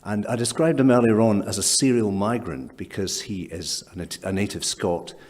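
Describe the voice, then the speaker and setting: Male event host, very low and husky voice, jokey introductions, reverberant hall. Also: moderate pace, a little mellow. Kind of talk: introducing performers.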